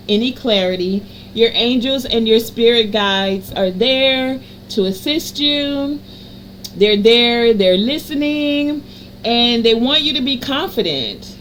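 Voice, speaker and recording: Woman doing a card reading, kinda high voice, calm and affirming, repeats stuff in lists, bit of faint noise in back. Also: poor audio. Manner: soothing, affirming, repetitive list-like cadence. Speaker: energy reader and healer. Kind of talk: tarot card reading for a general audience.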